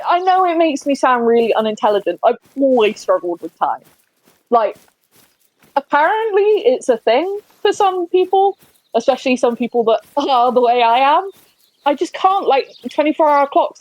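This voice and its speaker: A young woman with a Somerset accent chats on a gaming stream. Her voice sits fairly high and swings up and down a lot. She talks in a chatty, giggly way and often pokes fun at herself. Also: sing-song, normal speed, darkish tone, no echo, dull audio. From Somerset, England. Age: 20s. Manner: chatty, giggly and self-deprecating. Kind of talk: casual chat while gaming.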